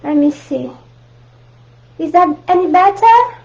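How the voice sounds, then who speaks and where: A woman from Italy with an Italian accent, teaching a live online painting class and chatting warmly with viewers. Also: very high-pitched, lively intonation, takes it slowly. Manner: chatty, warm asides to viewers, frequent laughs. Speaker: art teacher. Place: home art room. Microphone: camera mic at close range. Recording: dull lo-fi livestream audio.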